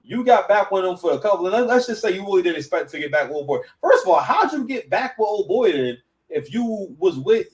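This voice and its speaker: Male host reacting to a clip, animated and stammering, slightly high, recorded at a distance. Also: a little fast, hardly any pauses. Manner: stammering, slang-heavy, animated. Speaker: commentator. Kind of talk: casual reaction commentary.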